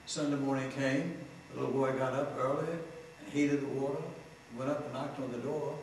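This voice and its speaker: A man's voice: mid-range voice, fairly even intonation, normal speed. A man, an Episcopal priest, telling jokes as a TV guest in a genial, anecdotal way. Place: TV studio. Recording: roomy, distant mic, faint noise.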